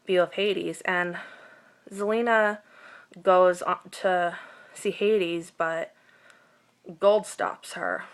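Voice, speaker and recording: A woman's voice: fairly low pitch, fairly even intonation, very slow, long pauses, clear, resonant tone. A woman giving a casual vlog recap of a TV episode, emotional and gushing, with many fillers and restarts. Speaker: TV recap vlogger.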